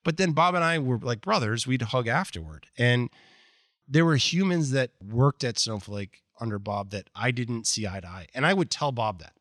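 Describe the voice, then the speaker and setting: A man, a company executive as interview guest, telling candid stories in a blunt, animated way and acting out quoted dialogue. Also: medium pitch, moderate pace, no echo, clean studio sound. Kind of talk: candid conversational storytelling.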